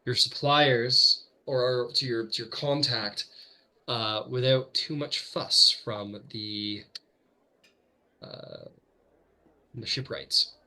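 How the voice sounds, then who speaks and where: A man's voice: mid-range voice, expressive, extremely slow, pauses often, sharp tone. A man narrating as game master of a tabletop game, loose and full of fillers.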